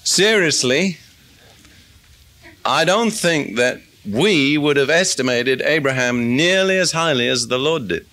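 A man preaching an expository sermon in a conversational teaching manner, reading scripture aloud and slowing to stress key words. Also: on the high side, animated, sharp tone.

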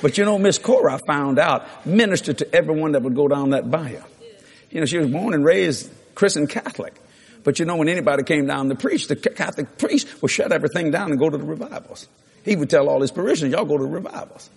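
Husky preacher telling stories. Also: male voice, fast talker. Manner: lively, laughing anecdotes with sudden jumps in pitch. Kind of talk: storytelling sermon.

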